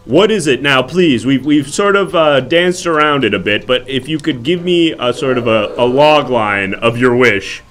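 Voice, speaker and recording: A man's voice: medium pitch, expressive, moderate pace, few pauses, a bit bright, faint music behind. Brief: man, improv host, playful mock-formal announcer. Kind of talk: live improv comedy narration.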